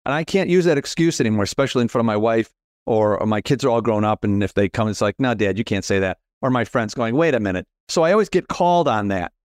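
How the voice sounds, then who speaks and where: A middle-aged man hosting a podcast interview, talking in a rambling, animated, self-deprecating way. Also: mid-range voice, fast talker, no echo, clean studio sound. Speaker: podcast host. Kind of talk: casual conversational interview.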